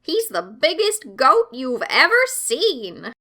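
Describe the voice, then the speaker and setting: A woman's voice: sits high, huge pitch swings, slow pace, sharp tone, pitched above the performer's own voice, heavily acted. A woman voicing the middle billy goat in a children's storybook, speaking in a sly, persuasive way.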